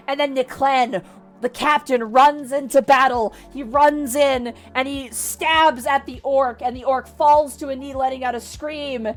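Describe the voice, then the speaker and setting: A young woman streamer animatedly retelling a book to her chat, swearing often. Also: on the high side. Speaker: VTuber streamer. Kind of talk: casual livestream book recap.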